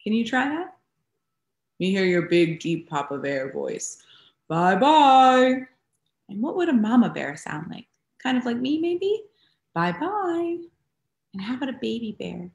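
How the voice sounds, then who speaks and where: A woman pastor reading a picture book to children, animated and often asking the young listeners questions. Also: mid-range voice, normal speed, vocal fry. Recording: roomy echo.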